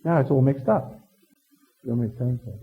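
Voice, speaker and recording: A man from England, speaking at a middle pitch with a husky edge, lectures a live seminar in a hotel function room. He rambles, teases the listeners and restarts his sentences, chuckling along the way. The tape recording sounds dull and lo-fi. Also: a little fast.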